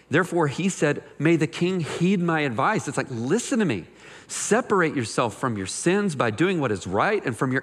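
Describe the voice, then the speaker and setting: Animated male preacher in a big hall. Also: a little high, slightly rough. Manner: animated, conversational preaching with jokes and asides. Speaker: pastor. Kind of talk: sermon.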